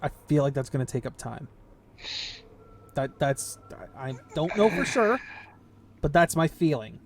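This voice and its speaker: A man's voice: a little high, animated, a little slow, background noise. A man reading game text aloud in a casual playthrough, reading steadily and breaking off into casual comments. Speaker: game player and narrator.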